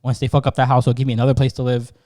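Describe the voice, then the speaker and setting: Animated male co-host, casual chat, mid pitch, stumbles through repeated restarts. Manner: animated, drawn-out, gropes for words with repeated restarts. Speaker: podcast co-host.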